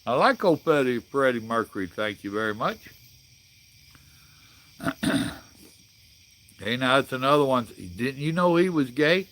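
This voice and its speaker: A man's voice: medium pitch, lively intonation, a little slow, long pauses, a bit bright. A man, hosting a casual live chat and reading viewer comments in a blunt, folksy way. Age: 60s. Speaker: livestream host.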